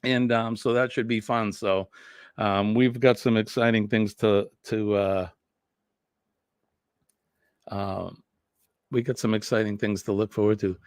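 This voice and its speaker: A man's voice: lowish voice, fairly even intonation, a little slow, long pauses, clear, resonant tone, no room sound, clean studio sound. A man, chatting casually with viewers as host of a morning live stream, rambling and reading comments aloud. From New England. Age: 50s.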